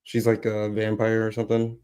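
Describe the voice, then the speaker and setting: A man's voice: on the low side, monotone, fairly quick, darkish tone. A man with a Southern US accent co-hosting a casual podcast, reading news aloud and arguing his points. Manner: reads news aloud, thoughtful, defends opinions. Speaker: co-host.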